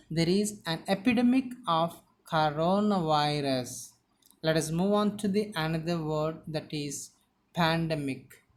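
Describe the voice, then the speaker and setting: A woman teaching vocabulary, repeating each word slowly and stressing its syllables. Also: low-pitched. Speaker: English teacher. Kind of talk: slow vocabulary lesson.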